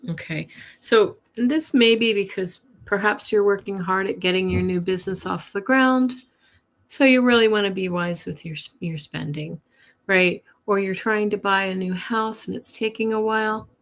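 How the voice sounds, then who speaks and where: A woman's voice: mid-range voice, moderate pace. A woman reads weekly tarot on a live stream from her home. Her talk is chatty and friendly, broken up by frequent laughs. She turns to greet viewers by name as the reading goes along. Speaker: tarot reader. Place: home with a cat nearby.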